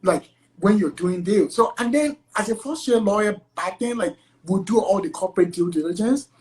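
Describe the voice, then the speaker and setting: A man's voice: high voice, moderate pace, low-quality recording. A man from Nigeria, a guest attorney, talking casually in an interview and dropping "like" again and again. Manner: chatty, heavy use of "like" as filler; acts out quoted exchanges in lively voices.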